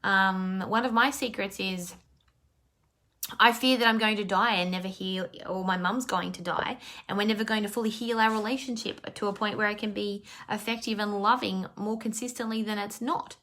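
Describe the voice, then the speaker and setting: A woman's voice: medium pitch, steady tone, moderate pace, sharp tone. A woman life coach talking live to her followers, heartfelt and rambling, with many fillers and restarts. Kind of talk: emotional live talk to followers.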